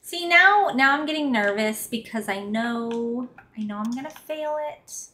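A woman's voice: fairly high pitch, animated, measured pace, bright, forceful tone. A woman streaming a video game, chatting casually and grumbling sarcastically, with frequent swearing. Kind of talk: casual live-stream chat while gaming.

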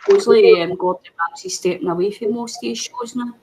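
A woman chatting casually with a friend on a video call, relaxed and laughing at her own remarks. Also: mid-range voice, fast talker, noisy background.

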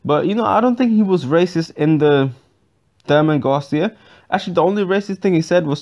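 A man's voice: a little high, a little fast, a little mellow, dull audio. A man giving his opinions in a casual boxing vlog, rambling with many restarts and fillers and swearing bluntly. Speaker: boxing vlogger.

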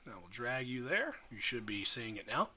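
A man running a tabletop game as dungeon master, narrating in a lively, animated way with many restarts. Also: medium pitch, moderate pace, crowd noise. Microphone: podcast mic, slightly odd audio.

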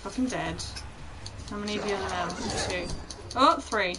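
A young woman streams a game, swearing heavily as she commentates and taunts the on-screen enemies, talking straight to the game. Her voice is medium-pitched, at normal speed, over a noisy background.

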